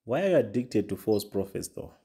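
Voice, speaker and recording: A man hosting a live call, answering calmly and dismissively, sometimes mocking the caller. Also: lowish voice, a little fast, breathy edge. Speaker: host.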